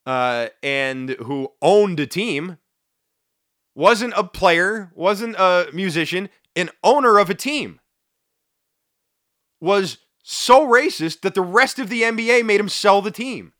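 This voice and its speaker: A man's voice: high-pitched, lively intonation, slow pace, a bit bright, no room sound, clean studio sound. A man hosting a solo podcast, talking in an emphatic, indignant way with sarcastic asides. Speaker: podcast host. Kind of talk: opinionated solo podcast commentary.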